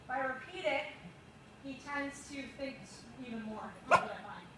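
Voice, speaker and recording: A woman instructor with a slightly high voice runs a dog agility class, explaining drills to students. She coaches in a practical way and breaks into quick cues for her dog. The recording is echoey, with loud background noise. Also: lively intonation. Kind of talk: outdoor training class instruction.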